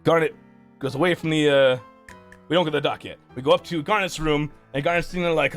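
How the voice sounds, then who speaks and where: A man's voice: fairly high pitch, fairly even intonation, quick pace, faint music behind. A man streaming a rambling, profane recap of a game's story, full of restarts. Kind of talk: casual game story recap.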